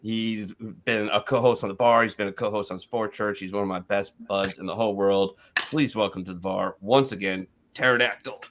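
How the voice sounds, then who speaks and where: A middle-aged man from Wisconsin hosting a casual bar-show chat, talking fast, joking and swearing. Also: on the low side, fairly even intonation, background noise. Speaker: host.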